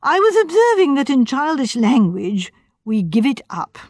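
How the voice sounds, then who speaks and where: A formal, urbane older gentleman speaks with dry, teasing wit. A woman narrator plays him. The sound is close and clean, with no room. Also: high-pitched, big pitch swings, normal speed, no echo, pitched above the performer's own voice. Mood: wry.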